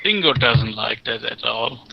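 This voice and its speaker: A man's voice: medium pitch, lively intonation, unhurried, creaky, a little hiss or hum. A man playing a tabletop game over voice chat, describing his character's actions hesitantly. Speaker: player. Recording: dull lo-fi voice chat.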